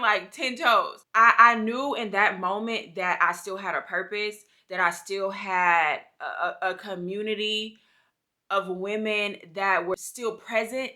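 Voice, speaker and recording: A woman's voice: medium pitch, sharp tone. A woman in her thirties speaking candidly in a personal vlog, heartfelt and slangy, talking straight to her viewers. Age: 30s. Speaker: vlogger.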